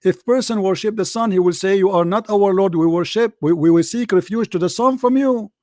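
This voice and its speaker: A man's voice: high-pitched, fairly quick, mellow, no room sound, clean studio sound. A man debating religion, combative and mocking, who keeps repeating himself and presses his opponent. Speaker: debate host.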